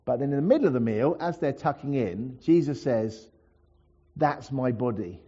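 A man preaching in a church, talking to his congregation in a loose, chatty way. His voice is mellow and a little husky, and the recording sounds dull and lo-fi. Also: mid-range voice, animated, a little fast. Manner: conversational, with asides to the congregation. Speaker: pastor. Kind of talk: sermon.

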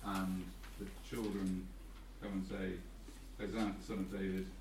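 A man in a Bible study group, quickly retelling a Bible passage when asked. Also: sits low, little pitch movement. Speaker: group member. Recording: distant, roomy, noisy room mic.

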